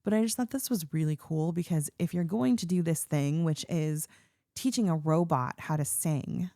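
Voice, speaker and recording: A woman's voice: sits low, normal speed, dark tone, no room sound, clean studio sound. A woman co-hosting a podcast, musing in casual chat and laughing often. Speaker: podcast co-host.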